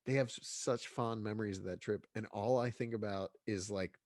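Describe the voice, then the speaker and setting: A congested man speaks in a fairly low voice, a guest in a relaxed interview. He rambles, circles back and restarts his sentences often, with plenty of fillers. The sound is dry and close. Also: normal speed, no room sound. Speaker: guest filmmaker. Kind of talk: casual interview chat.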